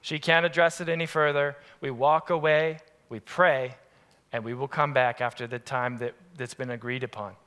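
A man preaching a sermon as pastor, telling family stories in an animated, lively way. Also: mid-range voice, moderate pace, clean tone. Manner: animated, acts out family scenes. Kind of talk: storytelling sermon. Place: church sanctuary. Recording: long church-hall reverb.

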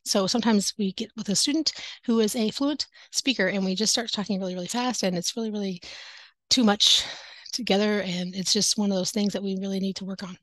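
A woman's voice: mid-range voice, steady tone, fairly quick, a bit bright, no echo. A woman teaching online, giving casual tips to other teachers in an upbeat, chatty way, speaking into a headset. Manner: upbeat, chatty, laughs often. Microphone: headset with headphones.

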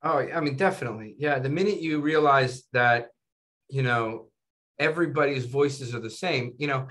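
A man with a mid-range voice talks at a moderate pace as a physician guest in a casual interview. His storytelling is animated, and he tends to end sentences with "right?" or "you know."

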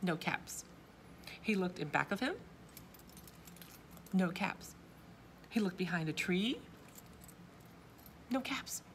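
A woman reading a picture book aloud to children, expressive and asking her young listeners questions. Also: on the low side, slow pace, pauses often, a little hiss or hum. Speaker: children's story reader.

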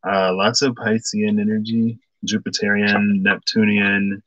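A lower-voiced man gives a loose, meandering tarot reading for an audience watching along. He thinks aloud and piles up fillers and half-finished sentences, and the sound is close and dry. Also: little pitch movement, unhurried, a bit bright, no room sound, lo-fi sound. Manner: greets viewers by name mid-reading. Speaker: tarot reader. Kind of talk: casual tarot reading stream.

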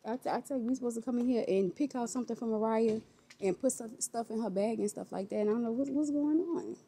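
A woman's voice: on the high side, quick pace, warm tone, husky. A woman in a store, talking to a child in short, repeated bits and calling her baby. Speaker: vlogger pranking her goddaughter. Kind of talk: casual vlog talk to a child. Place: inside a store.

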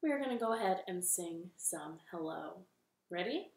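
A young woman in her living room leading a children's storytime, speaking in a gentle, encouraging way. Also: fairly low pitch, lively intonation, moderate pace, gravelly. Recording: echoey home room with ukulele.

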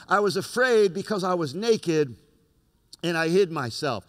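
A pastor preaching in a high-pitched male voice, driving his points home through repetition. His words ring out with long reverb in a large church hall. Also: moderate pace, a bit bright. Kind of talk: sermon.

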